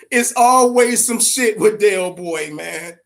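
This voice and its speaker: A man hosting a casual boxing talk show, rambling and swearing as he tells fight gossip. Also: high voice. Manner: profane, rambling, animated. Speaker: host.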